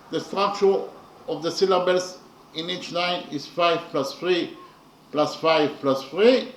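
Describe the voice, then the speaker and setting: A man teaching poetry in a slow lecture, halting often with fillers as he explains. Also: high-pitched. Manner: hesitant, many pauses and fillers. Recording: echoey room.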